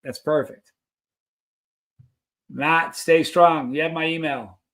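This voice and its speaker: Male stream host, loose and chatty, answers chat as he goes, voice sitting a bit high. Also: fairly even intonation, takes it slowly, fairly bright tone. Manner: rambling, chatty, reads viewer comments aloud. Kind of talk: casual live stream chat.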